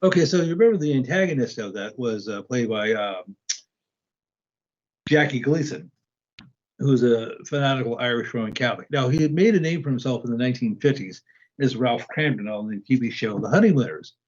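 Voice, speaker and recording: A man with a mid-pitched, ordinary voice tells stories as a guest. He hesitates often and restarts his sentences. The audio is dull and lo-fi. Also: animated, a little fast, darkish tone. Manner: hesitant, many ums and restarts. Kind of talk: casual conversation.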